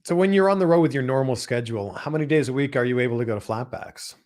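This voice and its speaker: Male host from Canada, mid pitch, eager and chatty, restarts his sentences a lot. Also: quick pace, darkish tone. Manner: enthusiastic, repeats words while finding his phrasing. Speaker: interviewer host. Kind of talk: casual interview.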